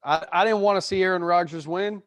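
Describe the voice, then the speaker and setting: Male podcast co-host, high voice, blunt opinionated sports talk. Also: fairly even intonation, a little fast, a bit bright, dry recording, studio quality. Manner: opinionated, emphatic ranting. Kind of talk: casual sports chat.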